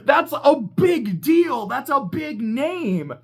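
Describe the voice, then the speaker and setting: A game reviewer ranting in a casual video essay, excitable and profane, rambling and laughing at their own tangents. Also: high-pitched, slow pace. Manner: laughs mid-sentence and corrects itself.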